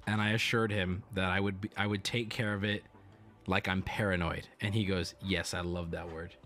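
A man's voice: lowish voice, fairly even intonation, normal speed, a bit bright, soft background music. A man livestreaming, telling a story casually and profanely, acting out the voices of the people he quotes. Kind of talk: casual storytelling to a stream audience.

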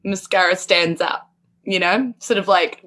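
A woman's voice: fairly low pitch, unhurried, pushed and bright. Chatty woman playing a tabletop game. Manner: chatty, laughing, many fillers. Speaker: player.

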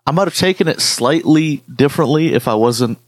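A man's voice: on the high side, expressive, fairly quick, no room sound. A man co-hosting a podcast, telling rambling stories in casual chat with lots of swearing. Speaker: podcast co-host.

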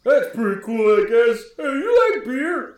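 A man voicing a dim-witted, drunk, burping young man who talks in a loud, slow, dopey drawl. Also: very high voice, sing-song, reverberant, voice pushed up, full character voice.

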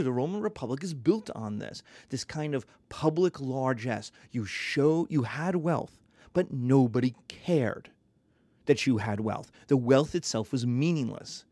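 A man with a mid-range voice lectures on history in a lively, conversational style, sometimes acting out little voices, captured in a dry recording.

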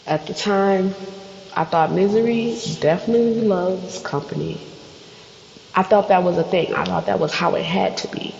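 A woman hosting a solo podcast, telling a story in an animated, profane, rambling way. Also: mid-range voice, moderate pace, vocal fry, echoey room, in a large hall, lo-fi sound, a little hiss or hum. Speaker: podcast host. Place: studio.

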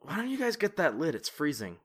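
A man voicing a young male soldier lieutenant, an easygoing leader who talks in a relaxed, friendly way. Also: a little high, brisk, slightly rough, voice pushed up, full character voice.

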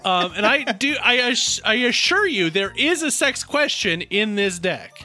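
A man's voice: high-pitched, big pitch swings, unhurried, sharp tone, soft background music. A man co-hosting a podcast in casual chat, playful and wordy with a mock-formal streak. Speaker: podcast co-host.

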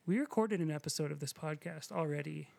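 A man's voice: a little high, a little fast, creaky, darkish tone, no room sound. A man co-hosting a casual podcast chat, rambling and self-deprecating, with many restarts and fillers. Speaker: podcast co-host.

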